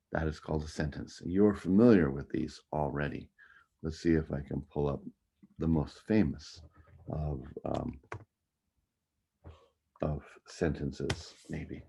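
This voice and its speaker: In a recorded online lecture, a man casually teaches music theory, humming and scatting melodies to make his points. His bass voice is slow, gravelly, and a little mellow, with frequent pauses, on dull lo-fi audio with slight background noise.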